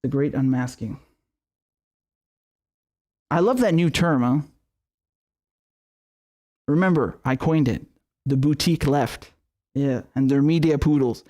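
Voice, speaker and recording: A man's voice: mid-range voice, slow, pauses often, darkish tone. A man hosting a political livestream, reading viewer messages and then ranting in an angry, profane, repetitive way. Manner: profane, angry, repeats himself. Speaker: political commentary host.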